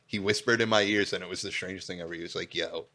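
A man's voice: deep voice, fairly even intonation, fast talker, sharp tone. A man co-hosting a podcast, telling laid-back stories and saying "dude" constantly. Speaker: podcast co-host. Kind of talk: casual storytelling chat.

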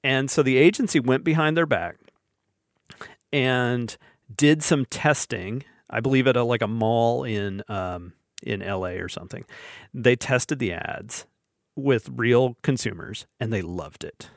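A man's voice: medium pitch, unhurried, no echo, studio quality. A man hosting a podcast, telling a story in casual chat, laughing often and acting out quoted voices. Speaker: podcast host.

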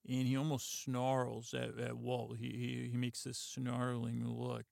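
A man hosting a podcast, softly retelling a TV episode in a halting, meandering way full of "uh" and "like". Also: medium pitch, monotone, gravelly, dry recording, clean studio sound. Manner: halting, lots of "uh" and "like", quiet and meandering. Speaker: podcast host. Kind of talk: rambling sleepy retelling of a TV episode.

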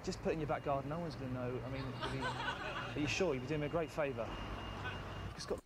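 Bloke playing a wheedling street hustler, quick chatter, loud traffic all round. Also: male voice, medium pitch, close to an everyday voice. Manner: wheedling, chummy. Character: shifty male street hustler pestering strangers. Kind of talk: comic street prank sketch. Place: outdoors on a city street.

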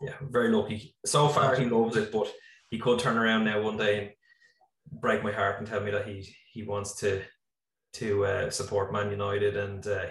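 An Irish man in his thirties, a farmer and business founder, talking casually on a video call with lots of fillers. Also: lowish voice. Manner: relaxed, rambling, many fillers. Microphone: computer mic on video call. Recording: echoey room, slightly distant mic.

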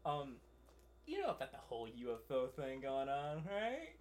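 A casual podcast co-host who rambles through stories and laughs as they go, and who drops "like" and curse words constantly. The pitch sits in a middle range that could belong to either sex. Faint noise runs underneath the recording. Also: huge pitch swings, normal speed. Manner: rambling, laughing, swearing, lots of "like". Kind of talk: casual chat.

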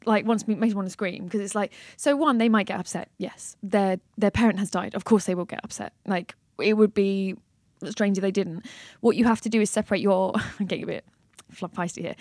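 A woman talking as a podcast guest, passionate and animated, swearing and laughing as she goes. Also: mid-range voice, no echo, studio quality. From Britain. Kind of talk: casual chat.

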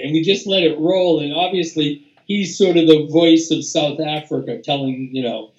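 A man's voice: a little high, moderate pace, hardly any pauses, a little mellow, dull audio. An older man, a music producer, telling casual anecdotes as an interview guest, rambling with restarts, fillers and swearing. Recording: roomy echo.

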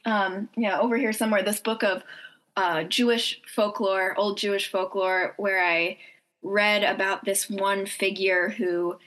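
Woman, author guest, bright tone, casual interview chat, enthusiastic, filler-heavy. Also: mid-range voice, steady tone, measured pace. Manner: chatty, enthusiastic, many fillers. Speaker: novelist guest.

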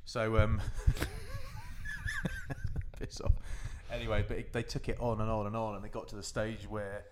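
A man co-hosting a podcast, telling a story in an animated way with frequent laughter. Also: on the low side, moderate pace, slight background noise. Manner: animated, laughing as he tells stories. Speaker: podcast co-host. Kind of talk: casual storytelling chat.

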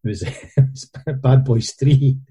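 A man's voice: mid-range voice, fairly even intonation, measured pace, dark tone, slightly rough. A Scottish man telling rambling stories in casual chat, with frequent restarts.

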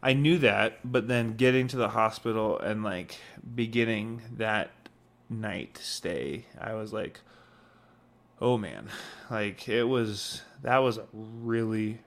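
A young man co-hosting a podcast, talking in an earnest, reflective way, pausing and filling with "like.". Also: on the low side, vocal fry. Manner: earnest, reflective, halting with many "like" fillers. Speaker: podcast co-host. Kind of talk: casual conversation.

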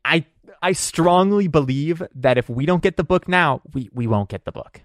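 A man's voice: on the high side, expressive, normal speed, no room sound, studio quality. A man playing a tabletop role-play game, insistent and repetitive, stammering through restarts. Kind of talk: casual role-play chat.

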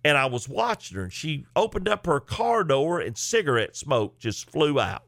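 Animated comedian telling a story. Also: male voice, on the high side, normal speed, gravelly, dry recording, studio quality. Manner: animated, folksy, chatty. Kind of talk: comic storytelling.

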